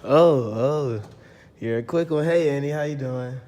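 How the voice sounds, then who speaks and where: A laid-back man chats slowly and teasingly, often breaking into laughs. His voice rings in a roomy hall with long reverb and faint noise behind it. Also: medium pitch, a little mellow. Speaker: vlogger playing tag. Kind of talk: casual playful chat. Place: indoor tornado shelter.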